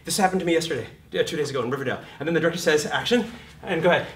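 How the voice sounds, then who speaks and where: A middle-aged man teaching acting in a lecture, swearing freely and acting out scenes with sudden shouts. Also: on the high side, racing, recorded from a distance, slight background noise. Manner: profane, acts out voices and shouts mid-talk. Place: lecture room. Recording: echoey room, heard from off mic.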